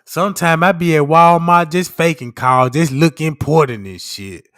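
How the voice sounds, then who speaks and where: A man with a high voice spins loose, comic stories as he hosts a casual chat. His talk is slangy, and he keeps checking in with his listeners. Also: normal speed, a bit bright. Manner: slangy, keeps asking "you know what I'm talking about". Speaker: host of an open chat stream. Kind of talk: casual comedic storytelling.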